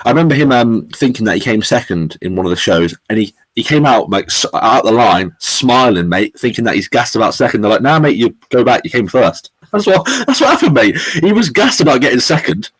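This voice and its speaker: A young man co-hosting a podcast, chatting casually and excitably, swearing and saying "mate" all the time. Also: mid-range voice, fairly quick, hardly any pauses, slightly rough, no room sound, poor audio. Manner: excitable, swears a lot, says "mate" constantly. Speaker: podcast co-host. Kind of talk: casual chat.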